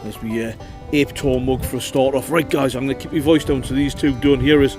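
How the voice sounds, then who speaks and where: A man hosting a casual outdoor camping vlog, joking and calling the viewers ladies and gentlemen. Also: mid-range voice, steady tone, fairly quick, soft background music. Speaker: vlog host. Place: outdoors at a windy campsite.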